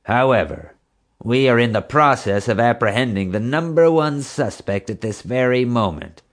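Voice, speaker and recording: A man's voice: medium pitch, expressive, moderate pace, pitched above the performer's own voice, close to an everyday voice. A man voicing a stern female security chief in an audiobook, speaking bluntly and accusingly.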